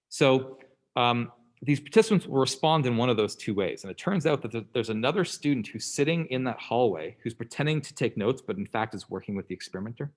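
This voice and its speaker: A man lecturing a class in a conversational way, often checking in with "okay?" and "right?" and briefly acting out the people in his examples. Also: medium pitch. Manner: acts out quoted people in passing.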